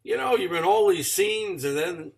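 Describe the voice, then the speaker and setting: A man's voice: sits high, lively intonation, moderate pace, vocal fry, breathy edge. A man hosting a podcast interview, asking rambling questions full of "you know.". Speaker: podcast host.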